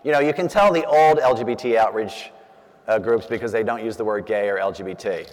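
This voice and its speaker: A man's voice: lowish voice, fairly quick, big-room sound. A man, a priest, giving a conversational talk to a group, telling stories with asides and frequent fillers. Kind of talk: conversational public talk with storytelling.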